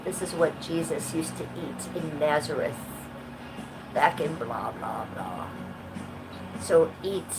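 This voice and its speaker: A woman's voice: sits low, takes it slowly, long pauses, exaggerated voice. A woman doing a preachy Bible camp teacher. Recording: steady background noise.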